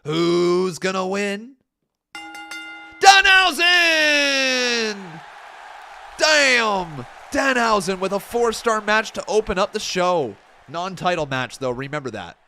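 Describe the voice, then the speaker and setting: A young man casually commentating on a wrestling video game, excitable and jokey. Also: sits high, moderate pace, vocal fry, hardly any pauses, a little hiss or hum. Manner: excitable, jokey, breaks into chants. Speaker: gaming streamer.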